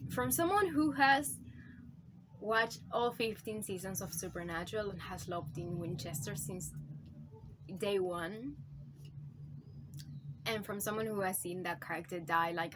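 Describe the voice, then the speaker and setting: A woman's voice: mid-range voice, takes it slowly, pauses often, background noise. A woman talking casually in a book review vlog, gushing and swearing a lot, rambling with constant "like" and "you know", and emotional enough to come close to tears. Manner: gushing, profane, rambling with many fillers.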